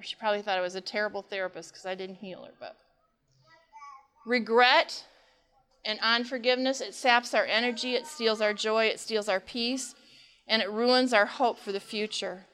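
A woman with a fairly high, smooth and resonant voice gives a conversational sermon-style talk. She asks her listeners rhetorical questions and retells counseling conversations, quoting both sides in her own voice. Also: fairly bright tone. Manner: conversational, retelling counseling stories with quoted dialogue. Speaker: speaker on faith and mental health.

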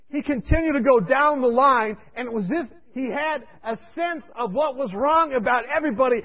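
A male preacher telling a story in his sermon, animated and conversational, dropping to a hush for asides. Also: extremely high pitch, muffled recording.

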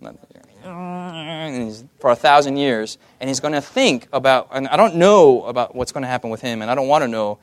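A man preaching a sermon in a lively, joking way, often asking his listeners for an "amen". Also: medium pitch, fast talker, hardly any pauses, dry recording. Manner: lively, asks the audience "amen?" often, jokey asides.

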